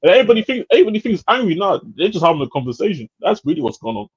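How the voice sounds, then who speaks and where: A man's voice: high-pitched, very animated, rapid-fire, breathy edge, highs cut off. A young man, chatting casually as a podcast co-host, laughing often and repeating himself. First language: German. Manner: laughs a lot, repeats "bro". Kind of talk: casual banter.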